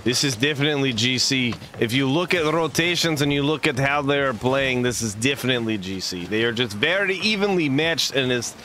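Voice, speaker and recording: A man's voice: mid-range voice, lively intonation, fairly quick, few pauses, bright, forceful tone, slight background noise. A man voicing a cheerful male game commentator with a put-on Russian accent, dropping articles in playful broken English.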